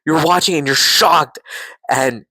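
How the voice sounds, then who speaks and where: A man reviewing a show in a casual, excitable way, swearing and saying "like" often. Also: on the high side, unhurried, no room sound, rough recording.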